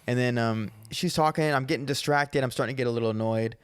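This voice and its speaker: Male stand-up comic and podcast co-host, mid-pitch, dry close sound, animated profane storyteller. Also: fast talker, clear, resonant tone, no echo. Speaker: stand-up comedian. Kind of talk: casual podcast chat.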